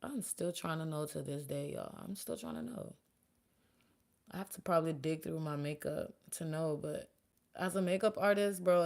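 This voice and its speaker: A chatty young woman talks her viewers through her makeup. Her voice sits low. She keeps up a lively, animated running chat with her audience. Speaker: beauty vlogger and makeup artist. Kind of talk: casual chat while doing makeup.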